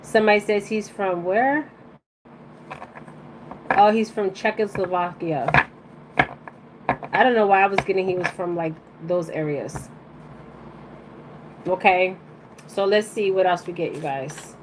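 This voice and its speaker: A woman's voice: mid-range voice, slow pace, long pauses, noisy background. A woman giving a live-streamed oracle card reading to her viewers. She rambles bluntly in casual slang and keeps checking in with "okay?".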